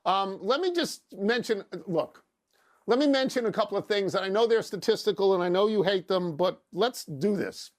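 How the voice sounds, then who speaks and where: A man's voice: high voice, expressive, moderate pace. A man co-hosting a sports debate show, teasing his partner with wry, dry sarcasm. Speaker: sports talk show co-host.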